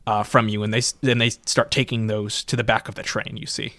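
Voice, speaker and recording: A man's voice: lowish voice, flat delivery, a little fast, a bit bright, dry recording. A man narrating as game master in a tabletop game, easygoing and descriptive.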